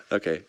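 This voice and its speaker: A man voice actor joking around between takes of game dialogue, slipping into silly voices. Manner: playful, jokey, slips into silly impressions. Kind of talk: game voice recording outtakes.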